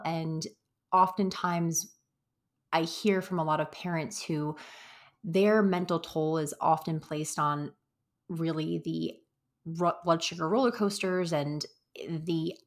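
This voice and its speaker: A woman hosting a podcast, responding with encouragement and asking thoughtful follow-up questions. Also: low-pitched. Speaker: podcast host. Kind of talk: interview questions.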